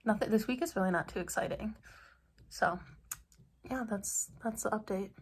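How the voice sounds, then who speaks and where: Young woman rambling into her phone, chatty, says like a lot, normal mid pitch. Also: normal speed, slight background noise. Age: young adult. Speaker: study-abroad student vlogger. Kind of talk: casual vlog chat.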